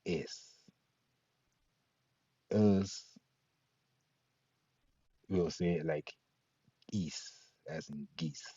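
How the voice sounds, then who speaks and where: A very low, husky man teaches Latin pronunciation at an unhurried, deliberate pace, breaking words into sounds. His voice is dark and mellow, and the recording sounds dull and lo-fi. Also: steady tone, no echo. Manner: slow, patient, spells out sounds. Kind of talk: pronunciation lesson.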